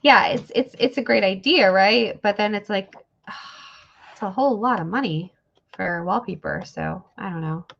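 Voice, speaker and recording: Woman, live sale host, casual rambling chat, slow, gravelly, dull audio with faint hiss. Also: mid-range voice, fairly bright tone. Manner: chatty, rambling, thanks viewers by name. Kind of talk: casual live-stream selling.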